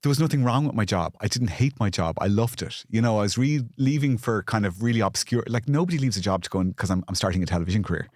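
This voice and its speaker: An Irish man in his forties, talking as a guest in a candid interview. His voice sits low, and he stumbles through restarts and repeated words. The sound is close and dry, with no room around it. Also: lively intonation, darkish tone, no room sound. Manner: halting restarts, repeats words, grows emotional. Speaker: guest, architect and TV presenter.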